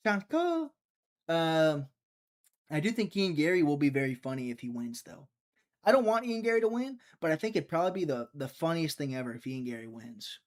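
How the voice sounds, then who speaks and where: A young man from Mississippi, rambling and joking as he hosts a casual live stream and answers chat. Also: fairly high pitch. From Mississippi, USA. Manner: rambling, jokey, reads and answers chat aloud.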